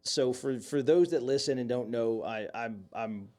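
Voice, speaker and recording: A man's voice: medium pitch, a little slow, a little mellow. A man co-hosting a podcast, telling stories in casual chat with many restarts. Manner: rambling, many restarts, tells stories animatedly. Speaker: podcast co-host.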